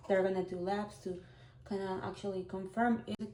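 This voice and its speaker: A woman's voice: medium pitch, flat delivery, normal speed, mellow. A woman in her thirties, a vlogger, telling a personal story in a candid, heartfelt, conversational way. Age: 30s. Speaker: vlogger, single mom. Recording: roomy echo.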